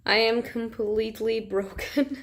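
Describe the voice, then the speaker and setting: A woman's voice: a little high, fairly even intonation, a little slow. A young woman book vlogger in a casual, emotional reaction vlog, gushing and swearing freely.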